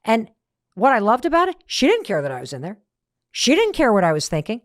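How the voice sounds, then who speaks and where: A woman's voice: a little high, wildly swooping pitch, brisk, no echo. Woman host, motivational talk, emphatic storyteller, dry close sound.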